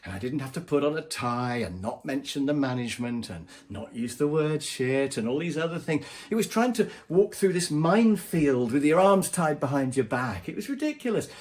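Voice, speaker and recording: A man's voice: on the high side, expressive, moderate pace, hardly any pauses, a little mellow. A man, a business trainer, giving advice straight to camera in a conversational way. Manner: conversational, acts out quoted voices. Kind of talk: direct-to-camera advice vlog.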